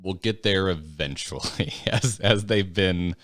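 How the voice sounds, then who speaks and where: A man's voice: low voice, a little slow, fairly bright tone, no room sound. A man co-hosting a podcast, reading listener mail with wry, dry remarks and frequent stammered restarts. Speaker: podcast co-host. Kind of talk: casual chat.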